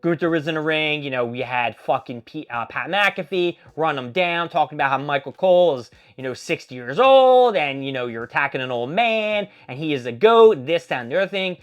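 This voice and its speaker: A man's voice: fairly high pitch, fairly quick, few pauses, clear, resonant tone. Profane rambling man recapping wrestling. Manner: profane, rambling, animated storytelling. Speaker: wrestling show reviewer. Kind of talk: casual solo recap.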